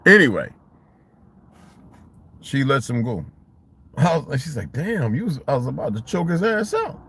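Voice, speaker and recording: A man telling a story in a casual vlog monologue, animated and profane, in street slang. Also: mid-range voice, moderate pace, creaky, slightly rough. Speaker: vlogger.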